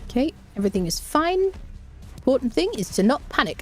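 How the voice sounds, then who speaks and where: Woman, game streamer; nervous, jokey commentary over quiet game music. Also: sits high, very animated, fairly quick. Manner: jittery, jokey, often shrieking in fright. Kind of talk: live gameplay commentary.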